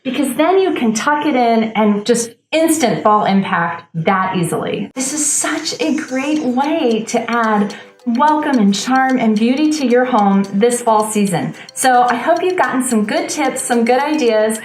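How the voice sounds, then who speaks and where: A woman's voice: a little high, expressive, a little slow, echoey room. A woman hosting a lifestyle show, giving an upbeat, casual how-to demonstration while she works with her hands. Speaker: show host demonstrating a planter DIY.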